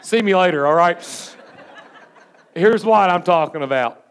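A man's voice: high-pitched, lively intonation, unhurried, a little hiss or hum. A pastor preaching a sermon to his congregation in a church, folksy and plain-spoken, calling for responses from the pews. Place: church sanctuary before a congregation.

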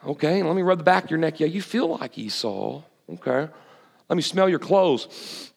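A man's voice: fairly high pitch, expressive, moderate pace, creaky, long reverb tail. A preacher voicing an elderly blind father who checks everything with doubt. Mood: suspicious. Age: over 60. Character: old blind father, suspicious, easily fooled.

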